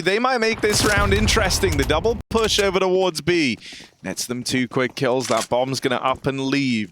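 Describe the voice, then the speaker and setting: A male esports caster giving lively play-by-play with playful, teasing banter. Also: a little high, slight background noise. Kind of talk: play-by-play commentary. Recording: loud game gunfire behind. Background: game gunfire.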